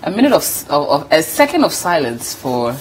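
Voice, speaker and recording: A woman's voice: deep voice, fairly quick, slight background noise, low-quality recording. A woman co-hosting a TV entertainment show, chatting casually and reading out comments with frequent laughter. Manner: animated, laughs often, reads comments aloud. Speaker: TV show co-host.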